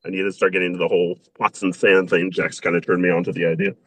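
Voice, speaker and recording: A man being interviewed on a casual show, laid-back and quick to laugh. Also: deep voice, little pitch movement, a bit bright, husky, dry recording. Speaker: interview guest.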